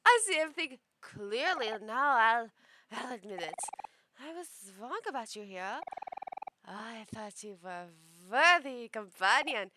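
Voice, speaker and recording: A woman's voice: a little high, animated, a little slow, noisy background. A woman voicing a vain, theatrical princess boss in a put-on mixed German and French accent, with pompous, grandiose delivery. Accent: put-on mix of German and French. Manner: pompous, grandiose, self-adoring declarations. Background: game music.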